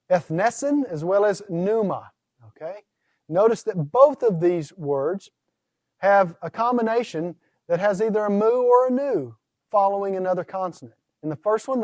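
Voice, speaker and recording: A man teaching Greek pronunciation in a recorded lecture, methodically laying out rules and slowly sounding words out syllable by syllable. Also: high-pitched, a little mellow, no echo, clean studio sound. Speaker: Greek instructor.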